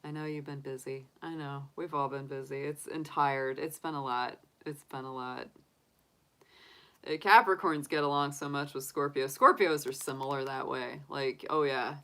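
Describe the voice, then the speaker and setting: A woman's voice: deep voice, normal speed, a bit bright. A middle-aged woman chatting casually on a livestream as a tarot reader, talking through her reactions and laughing often. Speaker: tarot reader answering live chat.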